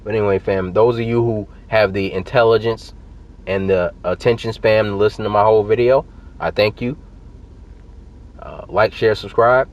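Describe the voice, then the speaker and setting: A man's voice: lowish voice, steady tone, normal speed, dull audio. A man giving heated, emphatic political commentary to his viewers in a direct-to-camera vlog, repeating his points for force. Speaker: political vlogger.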